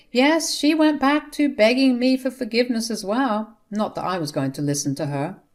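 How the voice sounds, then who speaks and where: A woman narrating a first-person family drama story in a steady, indignant way. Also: fairly low pitch.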